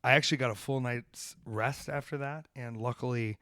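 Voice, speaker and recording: His medium-pitched voice keeps a steady tone at normal speed as he, a professional wrestler co-hosting a podcast, goes from a profanity-laden rant to relaxed road stories. Loudness swings between shouts and hushed asides, and the clean studio audio has no echo.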